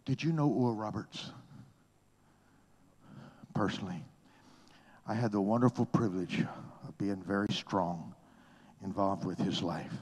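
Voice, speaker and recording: A man preaching a sermon, swinging between hushed whispers and loud, high exclamations in a husky voice. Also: a little slow, long pauses.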